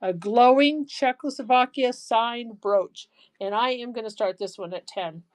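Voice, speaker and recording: Live-sale host: woman, gushing, chatty, slow-paced delivery. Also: fairly high pitch. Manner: chatty, excitable, gushing over items. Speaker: live-stream jewelry seller. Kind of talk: live auction selling chat.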